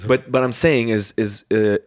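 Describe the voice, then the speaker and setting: A man's voice: medium pitch, fairly even intonation, moderate pace, no room sound, studio quality. A man hosting a podcast in casual chat, joking and putting on silly accents. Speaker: podcast host.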